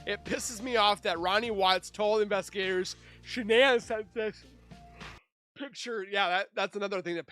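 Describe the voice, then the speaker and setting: A man's voice: high-pitched, normal speed, sharp tone, faint music behind. A man reading through a case timeline and breaking in with sarcastic, scornful asides in casual commentary. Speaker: true crime YouTuber.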